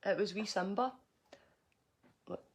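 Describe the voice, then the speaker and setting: A woman's voice: mid-range voice, unhurried, darkish tone, a little hiss or hum. A middle-aged Scottish woman telling a profane, agitated story to camera in a personal vlog. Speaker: vlogger.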